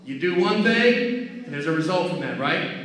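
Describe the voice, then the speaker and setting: A man giving an energetic motivational talk to schoolchildren, repeating key phrases and calling for answers. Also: fairly high pitch, moderate pace. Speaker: guest speaker at a school. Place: school hall or gym. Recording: echoey hall picked up from far off.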